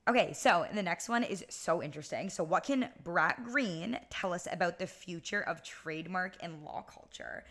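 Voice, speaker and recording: A woman's voice: on the low side, lively intonation, moderate pace, few pauses, fairly bright tone. A young woman co-hosting a casual podcast as a law student, chatty and upbeat, with a lot of "like" in her speech. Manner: chatty, upbeat, heavy use of "like".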